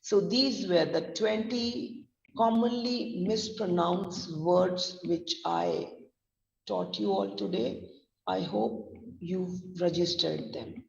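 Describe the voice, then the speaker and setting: A woman's voice: on the low side, lively intonation, takes it slowly, creaky. A woman with an Indian English accent teaching pronunciation, spelling words letter by letter and explaining stress. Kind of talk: online lesson, spelling out words. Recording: dull distant roomy audio.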